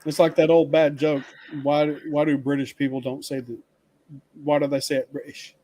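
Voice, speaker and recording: A man's voice: on the high side, little pitch movement, moderate pace, dark tone, no echo. A man hosting a livestream in casual chat, joking and laughing often. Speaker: livestream host.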